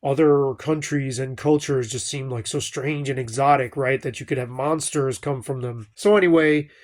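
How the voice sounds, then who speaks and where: A man's voice: medium pitch, steady tone, normal speed, a little mellow. A middle-aged man talking casually through an old film review, rambling with many fillers and asides. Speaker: film commentator.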